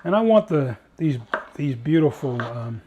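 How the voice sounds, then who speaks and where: A man's voice: mid-range voice, very animated, measured pace, muffled recording, background noise. A man hosting a cooking show, chatting in an upbeat way with rambling asides as he cooks. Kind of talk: casual cooking demonstration.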